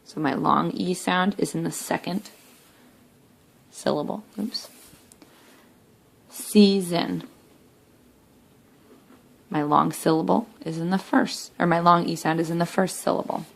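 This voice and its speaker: A young woman teacher talking through a recorded spelling lesson, saying words slowly and clearly one at a time. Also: on the low side, steady tone. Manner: slow, clear word-by-word demonstration.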